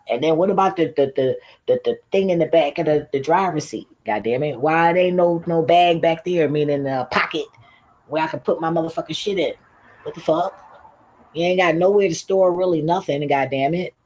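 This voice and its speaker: A woman talks straight to her stream in a loose, rambling rant. Her delivery is animated and full of swearing, broken up by frequent laughs. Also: low-pitched, normal speed, low-quality recording. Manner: animated, profane, laughs often. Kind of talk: casual ranting monologue.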